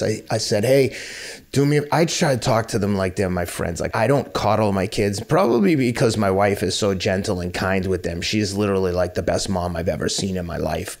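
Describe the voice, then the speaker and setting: Blunt, candid middle-aged man. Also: lowish voice. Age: 50s. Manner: candid, blunt, swears freely. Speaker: podcast guest. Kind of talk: casual interview talk.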